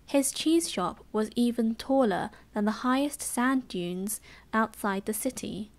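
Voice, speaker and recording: Slow, gentle British woman reading aloud. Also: fairly high pitch, expressive. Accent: British English. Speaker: storybook reader. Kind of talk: soft ASMR storybook reading.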